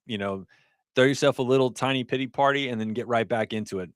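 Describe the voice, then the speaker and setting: A man's voice: mid-range voice, fast talker, clear, resonant tone, dry recording, studio quality. Chatty middle-aged man on a livestream. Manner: chatty, reads chat aloud, laughs often. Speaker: livestream host, ER nurse. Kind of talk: casual livestream chat.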